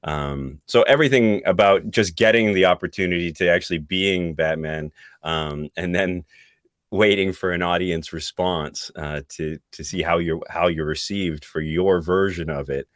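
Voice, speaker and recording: A middle-aged man, a voice actor guest on a podcast, talking casually and reflectively, often pausing to search for words. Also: low voice, no echo, studio quality.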